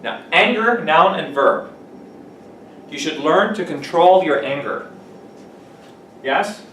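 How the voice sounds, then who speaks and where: A man's voice: fairly high pitch, animated, takes it slowly, fairly bright tone, slight background noise. A man teaching English vocabulary to a class, explaining words with examples and asking students questions. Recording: echoey classroom mic from a distance.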